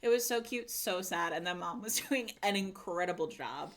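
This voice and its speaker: A woman co-hosting a casual gaming stream, telling stories with lively, animated delivery. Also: lowish voice, normal speed. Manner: animated storyteller, acts out voices in her stories. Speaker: co-host.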